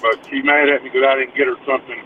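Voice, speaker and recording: Over lo-fi call audio with faint noise, a guest on a livestream talks casually, frank and offhand. His medium-pitched voice barely moves in pitch, and he speaks rapid-fire.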